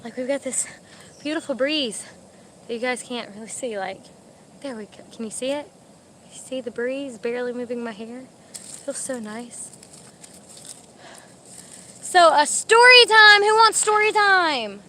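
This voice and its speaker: A woman's voice: on the high side, normal speed, long pauses, a little hiss or hum. A young pregnant woman, chatting casually to a live stream and giving commands to her dogs, a little out of breath in the heat. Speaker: vlogger with service dogs. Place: outdoor dog park.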